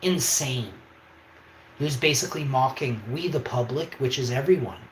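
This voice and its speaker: A man with a medium-pitched voice speaks at normal speed while hosting a livestream. He's emphatic, tends to ramble, and checks in with his viewers often; the room echoes and there's faint background noise.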